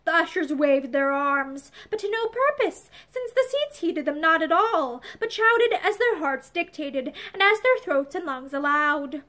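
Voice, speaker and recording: A woman reads an old-fashioned novel aloud, her high voice rising and falling with animated storytelling. She keeps a steady narrator's flow through each passage. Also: a little slow, hardly any pauses. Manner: expressive, lively storytelling. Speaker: reader.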